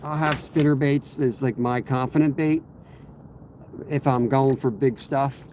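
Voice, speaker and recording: A man with a cold-roughened, hoarse voice talks easily to his live audience while he fishes from a kayak. His pitch sits in an ordinary middle range, and he rambles from tip to tip. Faint water and boat noise hums behind him outdoors. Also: a little slow. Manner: rambling, relaxed, greets viewers by name. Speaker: fishing streamer. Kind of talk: casual live-stream chat while fishing.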